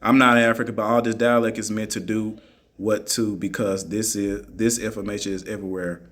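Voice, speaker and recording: A man's voice: on the low side, little pitch movement, brisk, a bit bright. A man in a heated monologue, answering critics in an argumentative, mocking way and repeating his points for emphasis. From United States.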